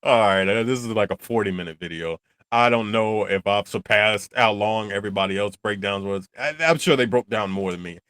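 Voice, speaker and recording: A man's voice: fairly low pitch, fairly quick, fairly bright tone, clear, resonant tone, no room sound, studio quality. A man who hosts a reaction channel, talking casually and animatedly, rambling and laughing often. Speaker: channel host reacting to a film.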